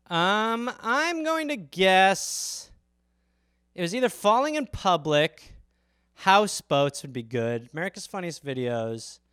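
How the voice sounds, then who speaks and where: A man with a high, bright, crisp voice hosts a solo comedy podcast. He riffs loosely and swears a lot. He rambles along with plenty of fillers. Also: no room sound, clean studio sound. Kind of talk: casual solo riffing.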